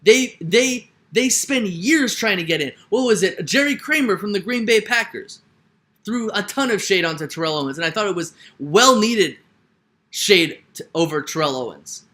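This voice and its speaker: With a high-pitched, bright, forceful voice at a moderate pace, a young man commentating on sports delivers an animated opinion rant. He hammers his points repeatedly and ends lines with "right?".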